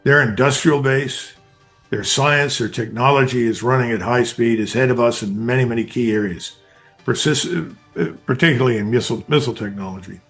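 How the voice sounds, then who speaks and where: A man's voice: mid-range voice, a little fast, a bit bright, faint music behind. An older man, a retired army colonel, giving blunt, emphatic analysis in an interview, speaking in short declarative bursts.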